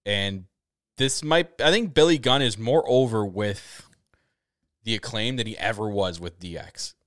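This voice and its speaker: Low, smooth-voiced Canadian man. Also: measured pace, no echo, studio quality. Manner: excitable, rambling, many restarts. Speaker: podcast host. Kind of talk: casual chat. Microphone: camera setup on a video call.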